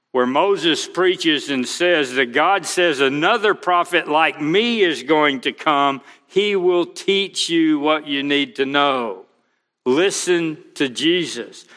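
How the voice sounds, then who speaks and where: Man, pastor preaching, fairly high voice, emphatic scripture quoting, church hall echo. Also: a bit bright. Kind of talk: sermon.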